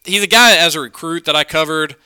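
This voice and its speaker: Bright, crisp-voiced man with a cold. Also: fairly high pitch, fairly quick. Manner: rambling, conversational, self-correcting. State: stuffed up from a cold. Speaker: podcast co-host. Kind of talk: casual sports chat.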